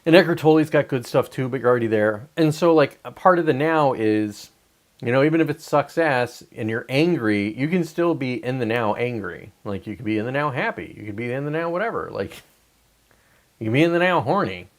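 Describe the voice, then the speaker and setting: A man's voice: lively intonation, brisk. A man in his forties hosting a livestream, talking in a loose, rambling, profane way and mocking complainers. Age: 40s. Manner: profane, digressive, mocks whiners in high whiny voices. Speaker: livestream host. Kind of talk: casual rambling livestream chat.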